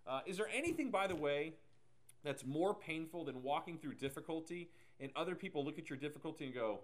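Animated, lively man preaching casually. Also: a little high, brisk. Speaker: pastor. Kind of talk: sermon.

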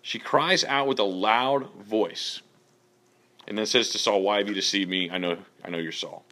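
A man's voice: on the low side, normal speed, bright, forceful tone. A man leading a group Bible study in a casual way, reading verses and asking the group questions.

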